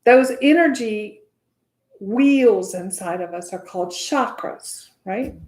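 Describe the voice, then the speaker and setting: A woman's voice: mid-range voice, lively intonation, takes it slowly, a little mellow, roomy sound. A woman from the United States teaching meditation in a casual, chatty way, often checking in with "right?".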